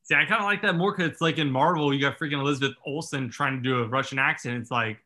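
A man's voice: medium pitch, quick pace, pushed and bright. A man co-hosting a casual movie review podcast, thinking aloud in rambling sentences full of "like". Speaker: podcast co-host.

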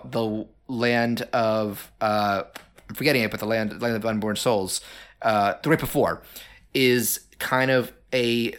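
A man's voice: mid-range voice, a bit bright. A man co-hosting a casual podcast about movies. He talks in loose, rambling sentences full of "like" and "uh", circling back to restart his points. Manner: chatty, many fillers and restarts. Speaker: podcast co-host. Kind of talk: casual film discussion.

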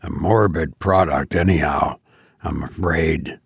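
A man voicing an eccentric male Victorian scientist who mutters in a low, flustered way. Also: expressive, moderate pace, a bit bright, no echo, clean studio sound, heavily acted. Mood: worried.

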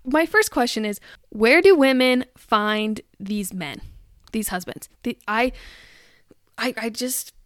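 A woman's voice: on the high side, animated, slow pace, fairly bright tone, no echo, clean studio sound. A woman hosting her own show, chatting and ranting in a rambling, amused, exasperated way. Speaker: host. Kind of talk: casual chat rant.

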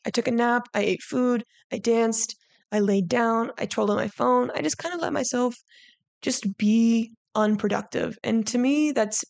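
Woman, podcast host, casual monologue, lots of vocal fry, slightly high voice, frank and emotional, says "like" constantly. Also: no echo. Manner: chatty, heavy use of "like", frank with swearing; emotional, heartfelt reflection.

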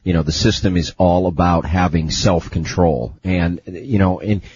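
Deep male radio co-host, hesitant with fillers, muffled lo-fi line. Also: normal speed, a little mellow, slight background noise. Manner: hesitant, agreeing, with many fillers. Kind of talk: casual radio chat.

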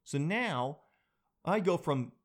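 A man in his thirties riffs through a comic personal story, mocking himself and acting out quoted voices. His voice sits a little on the high side. The talk is loose and chatty. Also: slow. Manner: animated, self-deprecating storytelling with exaggerated quoted voices. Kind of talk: comedic casual chat.

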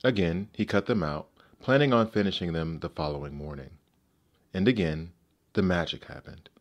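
A man narrating fairy tales aloud in a measured, gentle manner. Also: low-pitched, highs cut off. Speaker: storyteller. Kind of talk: storybook narration.

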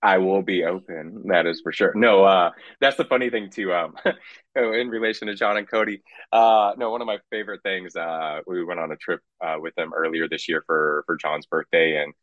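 A young man from Kansas, a guest in a casual interview, speaking in a relaxed way with many fillers. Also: low voice, moderate pace, no echo, muffled recording.

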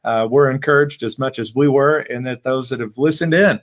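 A man's voice: medium pitch, fairly quick. A man hosting a podcast, talking casually with lots of fillers and restarts. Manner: rambling with many fillers and restarts. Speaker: podcast host. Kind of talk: casual chat.

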